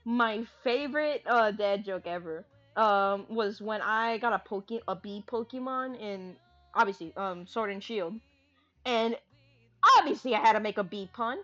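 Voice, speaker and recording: A woman's voice: on the high side, a bit bright. A woman streamer chatting casually and rambling, giggling often and swearing freely as she jokes around. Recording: dull lo-fi stream audio.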